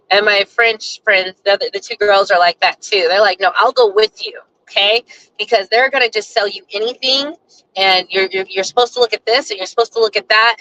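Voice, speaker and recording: Chatty woman with a bright voice. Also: mid-range voice, lo-fi sound, slight background noise. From United States. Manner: chatty, rambling, frequent fillers. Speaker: vlogger. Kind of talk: casual chat.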